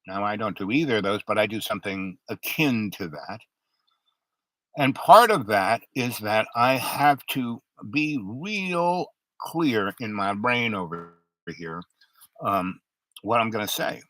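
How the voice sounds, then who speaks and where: An older man hosting his own talk show, talking in a rambling, halting way with many fillers. His voice sounds unusual because of an old throat injury. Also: lowish voice, expressive, fairly bright tone, dry recording, poor audio. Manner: halting, many fillers and restarts, stutters under strain. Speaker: show host. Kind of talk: rambling monologue.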